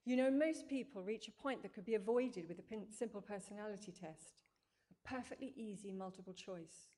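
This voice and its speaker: A woman's voice: mid-range voice, fairly quick, dark tone, close to an everyday voice. A woman reading a storybook, voicing a wry, self-assured adult woman friend who teases. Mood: teasing.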